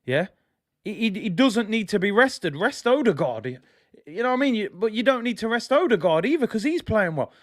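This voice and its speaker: A young man hosting a live football watch-along, reacting emotionally and often breaking into frustrated shouting. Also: high-pitched, sing-song, moderate pace, no echo, studio quality. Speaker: fan stream host.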